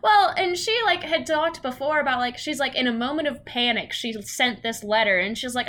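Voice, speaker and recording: A woman's voice: a little high, brisk, few pauses, fairly bright tone. A woman co-hosting a casual podcast, retelling a novel's plot and acting out the characters' lines with plenty of laughter. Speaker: podcast co-host. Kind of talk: casual book chat.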